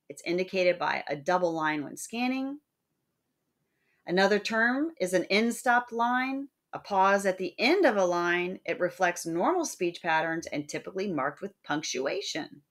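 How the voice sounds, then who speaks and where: Woman, lecturer: clear, explanatory teaching read with a sing-song rhythm on the verse examples. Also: fairly low pitch, a bit bright. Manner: plain explanatory delivery. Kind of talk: recorded lecture.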